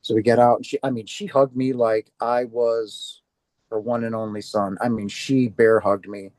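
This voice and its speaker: A man's voice: medium pitch, level tone, moderate pace, darkish tone, dry recording. An older man from Wisconsin, telling his personal story as an interview guest in an earnest, heartfelt way. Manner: earnest, heartfelt, acts out quoted speech.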